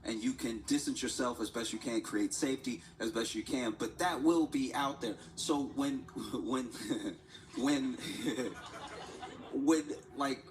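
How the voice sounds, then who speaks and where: A man's voice: mid-range voice, slow pace, poor audio. A man chatting casually during an art livestream, telling a rambling story and often laughing and repeating himself. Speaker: livestreaming artist. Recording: steady background noise.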